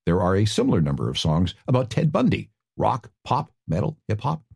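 A man's voice: fairly low pitch, huge pitch swings, a little fast, vocal fry, a little mellow, breathy edge. A man hosting a radio talk segment, telling stories with wry asides. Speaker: radio host.

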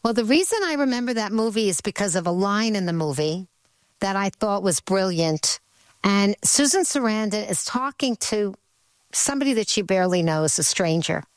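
A chatty woman hosting a radio talk show, her voice at a middle pitch and close on a dry studio mic. She talks in a loose, conversational way, full of quick asides. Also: animated, dry recording.

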